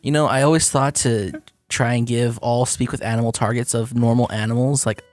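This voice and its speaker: A man running a tabletop game as game master, describing scenes in a relaxed way. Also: medium pitch, fairly quick, no echo, faint music behind.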